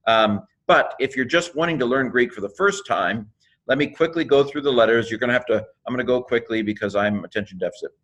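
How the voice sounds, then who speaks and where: Man spelling out Greek letters slowly. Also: mid-range voice, expressive, fairly bright tone. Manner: spells out Greek letters one by one, with many fillers and self-corrections; quick asides to the viewer. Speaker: Greek teacher. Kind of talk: casual video lesson.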